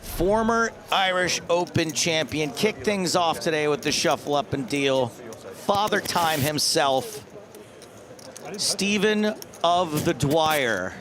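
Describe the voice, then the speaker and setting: A man's voice: fairly high pitch, animated, slow, crowd noise. A man hosting live poker commentary in a playful, jokey way with silly asides.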